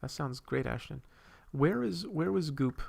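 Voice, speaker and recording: A man's voice: fairly high pitch, animated, a little slow, gravelly, darkish tone, breathy edge. A man hosting a casual livestream, rambling while he reads and answers viewers' comments and draws. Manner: drawing while talking. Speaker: streamer host.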